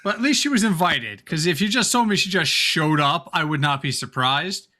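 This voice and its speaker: A man co-hosting a podcast, chatting casually with wry, quick reactions. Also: fairly high pitch, expressive, sharp tone. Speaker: podcast co-host. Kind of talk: casual chat.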